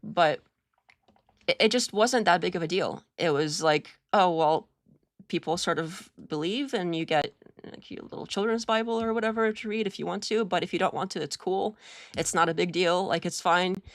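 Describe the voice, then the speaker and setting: Low, gravelly woman chatting casually. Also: normal speed, no echo, clean studio sound. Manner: rambling, hesitant, full of restarts and "like". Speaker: streamer host. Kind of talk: casual live-stream chat.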